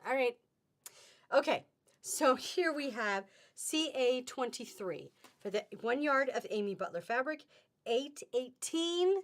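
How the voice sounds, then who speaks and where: Hosting a live fabric sale over webcam, a middle-aged woman chats in an upbeat way, tossing out sing-song exclamations. Her voice sits high and sounds animated yet unhurried.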